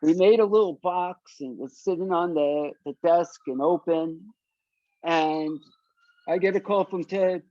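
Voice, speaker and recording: A man's voice: a little high, unhurried, no room sound, highs cut off. An older man from South Florida, a punk singer, telling stories in an interview and acting out the voices of the people in them. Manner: animated storyteller acting out quoted voices. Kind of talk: casual storytelling interview.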